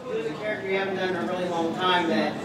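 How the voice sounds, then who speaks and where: A man in the audience haltingly asks a question of a panel guest. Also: sits high, little pitch movement, over a noisy crowd. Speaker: audience member asking a question. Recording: distant, noisy audience capture.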